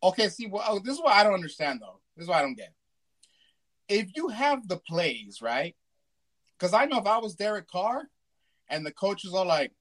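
A man in animated, profane podcast banter, acting out imagined conversations. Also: high voice, moderate pace, no room sound. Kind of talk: casual chat.

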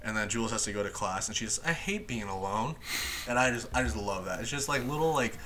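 Podcast host, male; bright, eager, laughs a lot, lowish voice. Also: very fast, slight background noise. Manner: excited, laughing, quoting lines. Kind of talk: casual chat.

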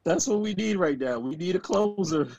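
A man co-hosting a casual sports podcast, ranting and self-mocking in animated bursts. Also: sits high, moderate pace, highs cut off. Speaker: podcast co-host.

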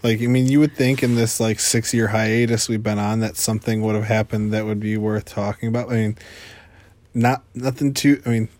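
A man co-hosting a casual podcast chat. He is laid-back and dry, and teases his co-host with deadpan remarks. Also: lowish voice, moderate pace.

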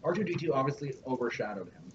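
A man's voice: big pitch swings, racing. A man in a casual podcast chat, emphatic and swearing a lot. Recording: echoey room, muffled, low rumble.

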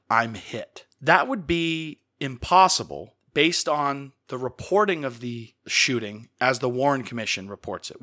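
A man's voice: mid-range voice, fairly bright tone. A man from the Boston area hosting a podcast, explaining events step by step in a conversational storytelling style and briefly acting out quotes.

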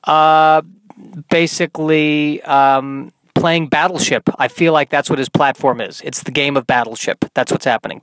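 Deadpan young man, very dry sound. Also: on the high side, moderate pace, smooth, no room sound, poor audio. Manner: deadpan, self-mocking, slips into silly put-on voices. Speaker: podcast host. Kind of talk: solo comedic monologue. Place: inside a car.

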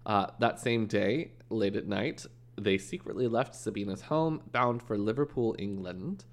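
A man with a fairly low voice hosts a relaxed podcast. He tells a case in a chatty way, with jokes and quoted voices along the way. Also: unhurried. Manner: joking storyteller, acts out quoted people. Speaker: podcast host. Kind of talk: casual true-crime podcast chat.

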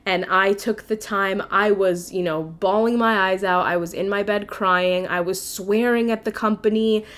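A woman's voice: medium pitch, fairly even intonation, moderate pace, fairly bright tone. A woman hosting a podcast, telling a personal story in a candid, conversational way with casual swearing. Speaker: podcast host.

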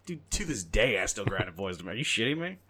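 A man's voice: on the low side, big pitch swings, quick pace, sharp tone, slight background noise. A man hosting a podcast, chatting casually in a profane, rambling, jokey way. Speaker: podcast host. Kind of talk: casual chat.

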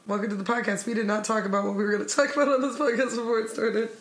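A woman's voice: a little high, steady tone, very fast. Woman in her twenties, echoey room. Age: 20s. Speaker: co-host, host's girlfriend. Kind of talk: casual podcast chat.

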